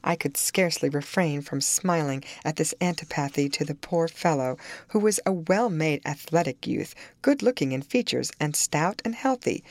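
Woman audiobook narrator, low and very expressive, dry close recording. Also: no echo. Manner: expressive, storytelling. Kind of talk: scripted narration of a classic novel.

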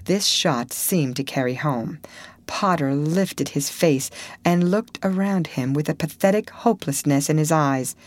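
Low-voiced woman narrating a classic story. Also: no echo. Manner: measured, expressive storytelling. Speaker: audiobook reader. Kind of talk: scripted narration of a classic novel.

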